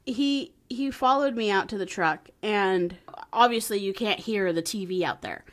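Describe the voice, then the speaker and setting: A woman's voice: mid-range voice, normal speed, few pauses. Laughing woman telling a story. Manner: animated storyteller, laughs often, soothing when quoting herself. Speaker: podcast co-host. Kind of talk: casual chat, storytelling.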